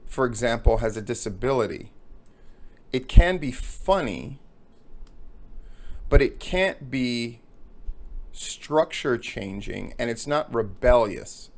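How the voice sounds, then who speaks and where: A man hosting a talk, telling a long joke as an animated storyteller who acts out the characters. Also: mid-range voice, slow pace, vocal fry, long pauses. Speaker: podcast host.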